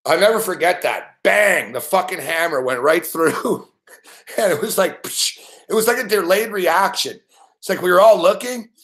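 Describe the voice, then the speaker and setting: A man's voice: high voice, expressive, normal speed, fairly bright tone. A man hosting a sports betting show, telling rambling, profanity-laced anecdotes with frequent laughs. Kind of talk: casual storytelling on a live stream.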